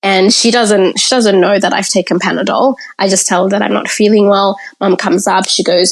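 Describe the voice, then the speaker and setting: A woman's voice: mid-range voice, steady tone, normal speed, few pauses, low-quality recording. A woman, a podcast guest frankly recounting her childhood in the present tense. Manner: candid, frank, tells the story in present tense. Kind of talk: personal storytelling in conversation.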